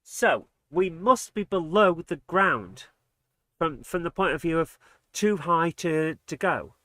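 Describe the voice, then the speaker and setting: Bright-voiced exasperated gamer. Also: male voice, fairly high pitch, lively intonation, takes it slowly, no echo. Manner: exasperated, swearing under breath, muttering asides. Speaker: let's play host. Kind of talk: casual gameplay commentary.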